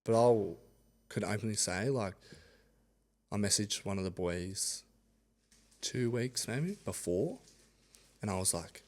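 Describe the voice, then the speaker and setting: This young Australian rugby league player, a podcast guest in his twenties, speaks slowly in a lowish voice and pauses often. Telling stories casually, he is animated, imitates the voices of others, and laughs a lot.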